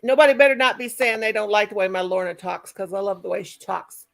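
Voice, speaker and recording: A woman's voice: medium pitch, fairly even intonation, fast talker, creaky, a bit bright. A woman hosting a casual livestream chat, folksy and talkative, laughing often and reading out viewer comments. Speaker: livestream host.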